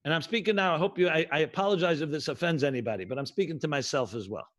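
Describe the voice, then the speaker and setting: Middle-aged rabbi guy, high voice, preaching a livestream sermon, lots of repeating and slowing down on the big words. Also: a bit bright. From United States. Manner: emphatic, repetitive cadence, mixes Hebrew and Yiddish terms; slows and stretches key phrases.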